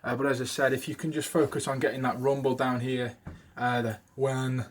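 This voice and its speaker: A man's voice: medium pitch, flat delivery, quick pace, a little hiss or hum. A man giving a casual spoken tutorial on doing impressions, rambling with many fillers and restarts. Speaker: video creator teaching impressions.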